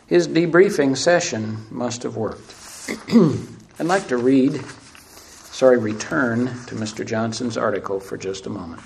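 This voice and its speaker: A man preaching a sermon, asking emphatic rhetorical questions and swinging between loud and hushed delivery. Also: mid-range voice, unhurried, gravelly, slight background noise. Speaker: pastor.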